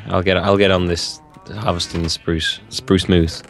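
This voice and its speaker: A man's voice: low voice, level tone, faint music behind. A young British man chatting and joking while he plays a game. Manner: teasing, jokey, quick to laugh. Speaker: game commentator. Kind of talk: casual gaming chat.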